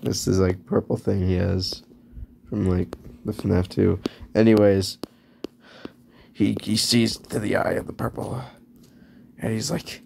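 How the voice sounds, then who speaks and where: A man narrates casually as he draws, rambling and correcting himself in an offhand way. His voice is low and gravelly, with a dark, mellow tone. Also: fairly even intonation, unhurried, pauses often. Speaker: video creator. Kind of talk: casual narration while drawing.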